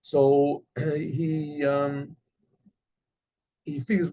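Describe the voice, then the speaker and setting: A male rabbi telling a story in a halting, unhurried way, often pausing to clear his throat. His voice is gravelly and husky, with a dark tone. It comes through a dull, lo-fi recording. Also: fairly high pitch, lively intonation.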